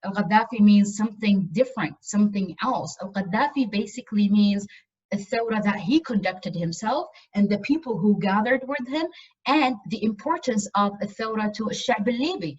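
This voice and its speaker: Woman lecturer, earnest and emphatic, mid pitch, muffled video-call audio. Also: moderate pace, a little mellow, breathy edge. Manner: earnest, emphatic with frequent repetitions. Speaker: university lecturer. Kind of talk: online lecture.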